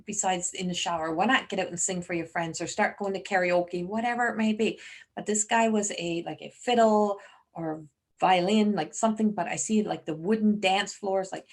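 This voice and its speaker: Woman, psychic medium on a live stream, middle pitch, rambling relayed messages. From Newfoundland, Canada.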